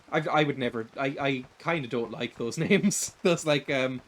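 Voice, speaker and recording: A man with an Irish accent, giving casual, rambling, self-deprecating commentary while streaming a video game. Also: medium pitch. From Ireland. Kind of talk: casual let's-play commentary.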